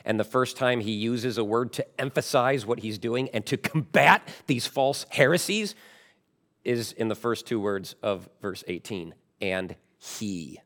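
A man preaching a sermon as pastor, emphatic, with loud stressed words and quieter asides. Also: mid-range voice, lively intonation, a little slow.

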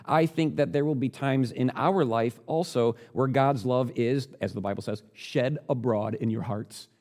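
In a mid-range voice at a moderate pace, a man gives a sermon that is sincere and straightforward. He questions those listening and gets louder as he drives his main points home.

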